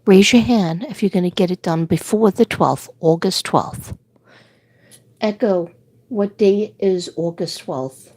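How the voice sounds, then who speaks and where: A woman's voice: medium pitch, a little slow, a little mellow, dry recording. An older woman with a New York accent, chatting casually and telling rambling stories on a livestream. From Staten Island, New York. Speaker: livestream host. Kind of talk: casual chat.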